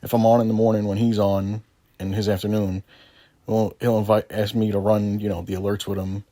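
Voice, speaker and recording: A man's voice: on the low side, flat delivery, a little fast, mellow, dry recording. A man giving sarcastic, taunting commentary over a screen recording, swearing often. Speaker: gaming video creator.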